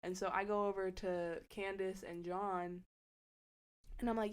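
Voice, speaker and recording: A young woman co-hosting a podcast, telling a story casually with lots of swearing and loud acted-out quotes. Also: on the low side, level tone, moderate pace. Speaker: podcast co-host.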